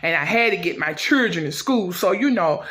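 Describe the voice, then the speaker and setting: A woman playing a sassy, chatty fish-shack head cook who tells the audience about her day and breaks into high, indignant squeals when she quotes herself. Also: lively intonation, moderate pace, a bit bright. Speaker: character monologue. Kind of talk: comic character monologue to the audience.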